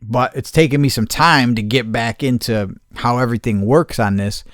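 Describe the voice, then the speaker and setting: A man's voice: medium pitch, normal speed, a bit bright, no echo, studio quality. A man hosting a podcast, telling a rambling, profane story in a casual rant and mimicking the people he dealt with. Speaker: podcast host.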